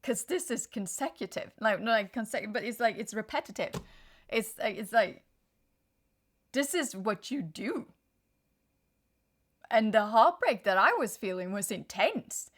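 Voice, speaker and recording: Rambling, animated woman tarot reader. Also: on the high side, unhurried, long pauses. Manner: rambling, self-interrupting, animated. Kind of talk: casual tarot reading monologue.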